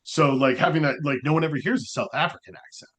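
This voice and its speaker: A man's voice: a little high, fast talker. A man co-hosting a podcast, talking in a loose, rambling way with lots of fillers. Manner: rambling, animated, frequent "like" fillers. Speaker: podcast co-host. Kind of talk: casual podcast chat.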